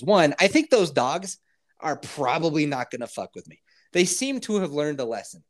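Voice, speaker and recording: A man spins a comic tale with a lively, swooping voice that rises and drops all through the telling. His talk is casual and full of swearing, and he breaks into quick impressions of how others reacted. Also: a little high. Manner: animated, profane, acts out others' reactions.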